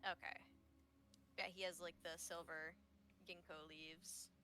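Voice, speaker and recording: Woman rambling with filler words, lowish voice. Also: little pitch movement, measured pace, pushed and bright, a little hiss or hum. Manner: rambling, hesitant, heavy use of filler words. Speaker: tabletop game player. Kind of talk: casual chat.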